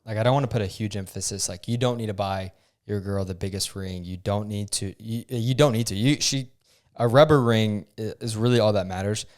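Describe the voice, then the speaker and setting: Earnest young man, a bit low. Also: a little mellow. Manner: earnest, halting, full of fillers. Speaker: podcast co-host. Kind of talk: casual chat.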